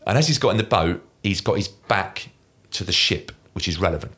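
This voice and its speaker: Deep fast-talking ex-Marine. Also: male voice, slightly rough. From Kent, England. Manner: animated anecdote teller, mimics voices in quoted lines. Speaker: guest, former Royal Marine. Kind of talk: casual storytelling interview.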